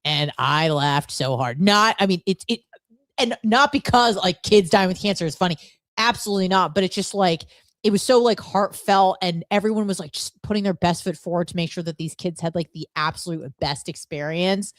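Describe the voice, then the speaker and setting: A woman co-hosting a radio show, telling stories in an animated, profane way and laughing often. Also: fairly low pitch, normal speed, no echo, clean studio sound. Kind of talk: casual radio chat. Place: radio studio.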